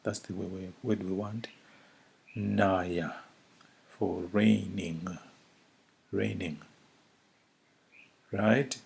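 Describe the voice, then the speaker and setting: A man teaching a vocabulary lesson, saying each word slowly and repeating it several times for the listener. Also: low-pitched, steady tone, creaky, darkish tone. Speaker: language teacher. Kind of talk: slow spoken vocabulary lesson.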